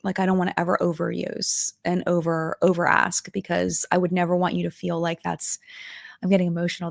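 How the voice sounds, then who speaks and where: A woman's voice: fairly low pitch, monotone, brisk, gravelly, dry recording, clean studio sound. A middle-aged woman hosting a live-stream chat, talking casually and emotionally, with many fillers and restarts. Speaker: live-stream commentary host.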